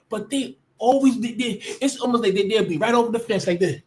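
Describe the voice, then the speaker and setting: A woman's voice: a little high, brisk, darkish tone. A woman ranting casually to her viewers, blunt and profane, often restarting her sentences. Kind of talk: casual rant to camera.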